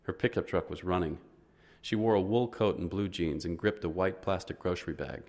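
A man narrating an audiobook in the first person, measured and understated. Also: low voice, a little mellow.

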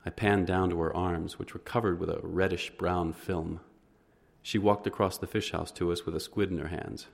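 A man with a very deep voice reads a first-person story aloud. His delivery is measured and understated, lingering on descriptive passages. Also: fairly even intonation, gravelly. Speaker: narrator. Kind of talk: audiobook narration, first person.

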